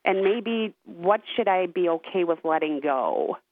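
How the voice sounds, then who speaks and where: A woman's voice: on the low side, lively intonation, measured pace. A woman calling in to a radio show by telephone, talking in an eager, slightly flustered way. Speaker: caller. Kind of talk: call-in radio chat. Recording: tinny telephone line.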